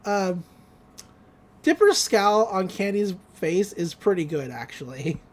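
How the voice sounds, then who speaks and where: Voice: medium pitch, lively intonation, slow pace. A podcast co-host casually recapping a cartoon episode, acting out the characters' lines and laughing along the way.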